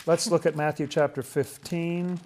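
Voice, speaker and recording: A man's voice: a little high, fairly even intonation, normal speed, a little mellow. A man leading a casual Bible study, explaining passages with enthusiasm and asking questions as he goes.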